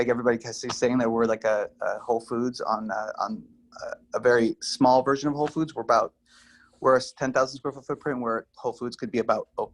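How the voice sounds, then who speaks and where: A man representing a business, explaining store plans in a halting way at a neighborhood council meeting held on a video call. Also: medium pitch.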